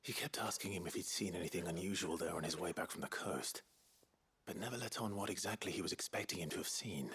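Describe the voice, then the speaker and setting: An actor playing a calm, steady hero in a video game, with a deep gravelly voice. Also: male voice, fast talker, heavily acted. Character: gruff grown man, a sword-bearing hero. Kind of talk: game voice acting.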